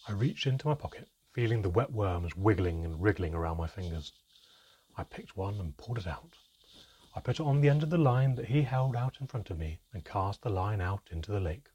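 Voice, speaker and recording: A man reading a story aloud in measured, even scripted narration. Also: on the low side, husky. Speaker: audiobook narrator.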